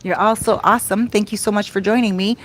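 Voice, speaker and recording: A fast-talking woman with a steady, mid-range voice runs a relaxed livestream outdoors in the Dominican Republic. A life coach by trade, she's effusive and affectionate as she reads viewers' comments out loud.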